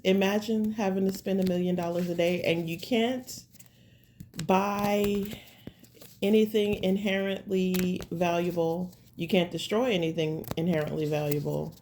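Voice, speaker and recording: A woman's voice: lowish voice, fairly even intonation, measured pace, a little mellow, slight background noise. A woman giving a casual tarot reading at home, talking straight to her viewers in a rambling, slangy, laid-back way. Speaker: tarot reader.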